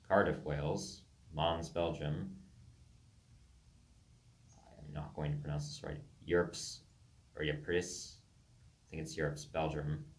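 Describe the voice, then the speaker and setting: A man's voice: extremely low pitch, roomy sound. A young man in his late teens reads his own game stories aloud, stumbling over foreign place names and correcting himself as he goes. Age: young adult. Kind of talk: casual reading of his own writing.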